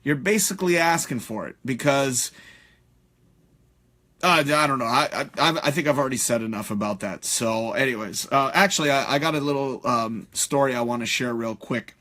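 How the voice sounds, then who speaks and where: A man hosting a live stream, ranting in a profane, animated way with many fillers. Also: mid-range voice, normal speed. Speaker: host.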